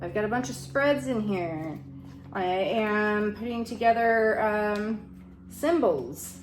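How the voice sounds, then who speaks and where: A woman's voice: medium pitch, slow. A middle-aged woman doing a casual tarot reading, talking frankly and swearing as she thinks aloud. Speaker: tarot reader. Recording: roomy echo with soft music behind.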